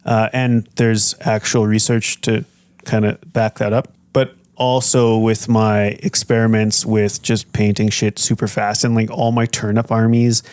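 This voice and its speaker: A man's voice: fairly low pitch, flat delivery, measured pace, darkish tone, clear, resonant tone, no echo. A man co-hosting a podcast in casual chat, rambling with lots of fillers. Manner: loose, rambling, filler-heavy. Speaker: podcast co-host.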